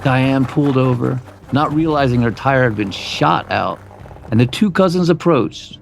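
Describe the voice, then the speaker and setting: A man's voice: mid-range voice, normal speed, creaky, soft background music. A man co-hosting a podcast, reading a true crime story from a script and dropping his voice at the grim parts. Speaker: podcast co-host.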